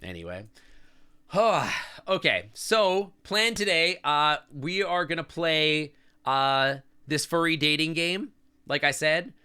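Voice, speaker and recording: Streaming live, a man chats casually and sentimentally with his audience, reading and answering chat as he rambles with plenty of "like" and "I don't know." His voice sits on the high side, animated, bright and forceful, at a slow pace with a clean tone.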